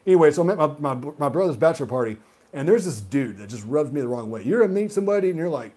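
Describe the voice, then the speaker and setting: Husky man ranting with big pitch swings. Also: very animated, racing. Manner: heated, profane ranting; swings between loud outbursts and muttered asides. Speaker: gaming video host. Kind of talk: solo rant monologue.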